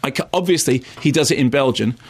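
A man's voice: mid-range voice, quick pace, slightly rough. A middle-aged British man reviewing a film on the radio, ranting and rambling with many asides. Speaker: film critic.

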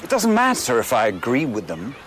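A hesitant, self-justifying professor in a film clip. His pitch rises and falls as he argues. Faint outdoor noise sits behind him. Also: wildly swooping pitch, a little fast, a bit bright. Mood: defensive. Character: male literature professor, defensive, rationalizing. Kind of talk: film dialogue.

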